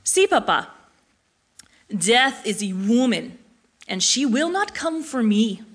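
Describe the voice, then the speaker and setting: A woman voicing her elderly father, a proud and mischievous man with a deep, gravelly voice, speaking solemnly yet teasingly. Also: very animated, slow, a bit bright, heavily acted.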